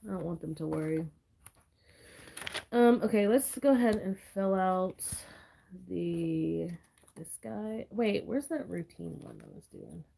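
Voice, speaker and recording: A hoarse, out-of-breath woman chatting casually to her viewers as she works on a planner, drifting into soft mumbles. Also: lowish voice, big pitch swings, unhurried. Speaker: planner vlogger.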